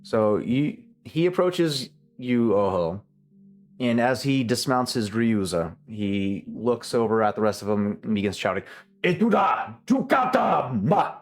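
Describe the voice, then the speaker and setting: A man narrates a tabletop game as its game master, describing the scene with frequent stops and restarts. His voice sits fairly low. Quiet music runs underneath. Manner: halting, many fillers and restarts while describing scenes.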